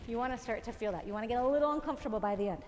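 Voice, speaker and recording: High-pitched winded lady leading a workout, cheering folks on, slight hiss behind. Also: racing, darkish tone, big-room sound. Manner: encouraging, counting reps aloud. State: out of breath, winded. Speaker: fitness instructor. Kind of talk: coaching a home workout. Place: home workout space.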